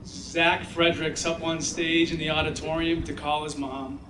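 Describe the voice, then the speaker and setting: A man giving a graduation speech as the guest speaker, telling stories in an animated way and acting out the children's voices. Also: a little high, moderate pace, background noise. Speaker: commencement speaker. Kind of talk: ceremonial speech with storytelling. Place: graduation ceremony. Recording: echoey sound from far off.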